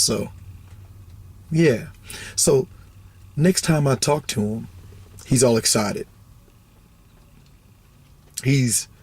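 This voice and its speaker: A man telling a story casually to camera, rambling and animated, swearing freely and acting out the other people's voices. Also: medium pitch, breathy edge. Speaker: vlogger.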